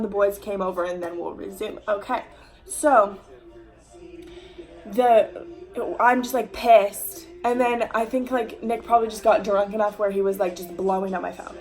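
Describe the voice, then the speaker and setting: A young woman talking straight to camera in a casual storytime, rambling and heavy on fillers and swearing. She acts out what other people said as she goes. Her voice sits at a middling pitch over faint background music. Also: low-quality recording. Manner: chatty, full of "like" fillers and swearing, acting out quoted lines. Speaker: vlogger telling a story.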